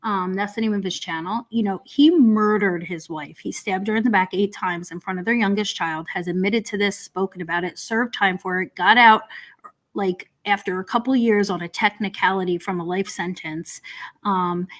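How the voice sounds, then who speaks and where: A woman's voice: mid-range voice, steady tone, moderate pace, fairly bright tone. A woman hosting a casual commentary stream, rambling with lots of ums and restarts in an exasperated, sarcastic tone. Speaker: host of a drama commentary stream.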